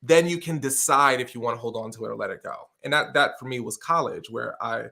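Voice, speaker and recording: A man speaking as a guest in a casual conversational interview, energetic and expressive as he tells his stories. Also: medium pitch, fairly quick, creaky. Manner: energetic, expressive storyteller with many fillers and restarts.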